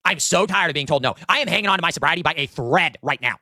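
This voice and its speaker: Exasperated thirties man, foul-mouthed vlog rant, bright edgy tone, rapid delivery. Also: fairly high pitch, lively intonation, dry recording, studio quality. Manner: profane, exasperated, self-pitying ranting. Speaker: online video maker. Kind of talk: ranting vlog monologue.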